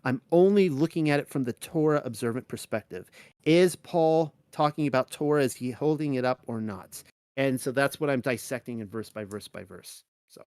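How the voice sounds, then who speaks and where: A man's voice: medium pitch, moderate pace, darkish tone, dry recording, studio quality. A young adult man talking casually through a Bible study, rambling with many restarts.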